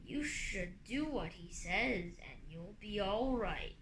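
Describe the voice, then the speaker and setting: A woman voicing a deep, slow, commanding male dragon envoy who speaks in a rumbling, measured way. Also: animated, fairly bright tone. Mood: haughty. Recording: echoey room, faint hum.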